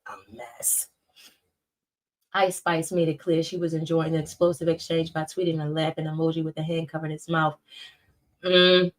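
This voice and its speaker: A woman hosting a celebrity gossip commentary, sassy and animated as she reacts. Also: deep voice, brisk. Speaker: host.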